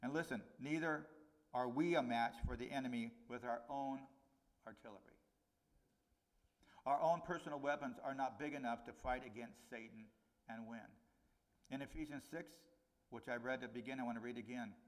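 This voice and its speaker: A middle-aged man preaching a conversational sermon, his voice rising on key points and dropping low on warnings. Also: normal speed, long pauses. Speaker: pastor.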